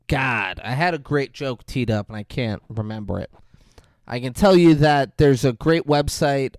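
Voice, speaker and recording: A man's voice: medium pitch, no room sound, studio quality. A young man co-hosting a podcast, reviewing a movie in crude, laughing banter and breaking into silly put-on voices. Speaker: podcast co-host.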